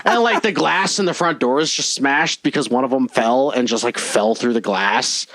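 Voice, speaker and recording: A man co-hosting a podcast, telling stories in casual chat, profane and quick to laugh. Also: medium pitch, a bit bright, dry recording. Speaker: podcast co-host.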